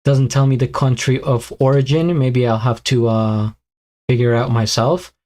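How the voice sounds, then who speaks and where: A man hosts a live stream, reacting and chatting loosely with his viewers. He thinks out loud, restarting sentences and filling gaps with "uh" and "like". His mid-range voice sounds a little worn and weakening. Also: mid-range voice, steady tone, moderate pace. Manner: rambling, thinks aloud with many fillers and restarts. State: voice tiring and weakening.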